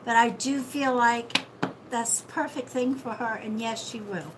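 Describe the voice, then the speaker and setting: A woman's voice: fairly high pitch, a little slow. Woman, psychic medium, casual live card reading, chatty, says sweetheart and darling, noisy home stream.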